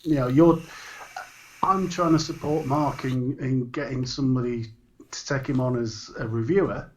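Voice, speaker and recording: A man's voice: medium pitch, fairly even intonation, moderate pace, a little mellow. A man with a British accent co-hosting a casual live-show chat, joking around and reading out viewer comments. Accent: British English. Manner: jokey, reads viewer comments aloud, laughs easily. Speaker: co-host.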